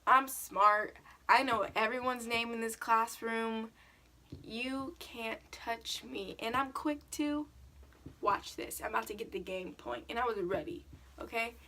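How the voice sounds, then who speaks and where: A woman's voice: on the high side, a little slow, bright, forceful tone, a little hiss or hum. A teenage girl telling stories and answering questions in a casual vlog, chatty and full of "like". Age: teens. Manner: chatty storytelling, lots of "like". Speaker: vlogger.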